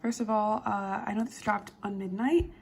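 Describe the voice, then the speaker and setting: A woman in her twenties, a recent graduate, chatting candidly and excitably in a casual vlog, swearing casually as she talks to a phone camera in her parked car. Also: mid-range voice, moderate pace, creaky, low-quality recording. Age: 20s. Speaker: vlogger. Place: parked car with the air conditioning running. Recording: phone audio with loud A C hum.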